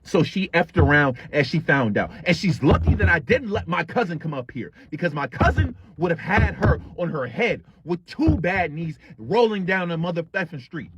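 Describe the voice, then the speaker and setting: A man telling a comedic story, acting out the people in it with an animated delivery. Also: a little high, normal speed, hardly any pauses, slightly rough. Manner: animated, swings between characters' voices.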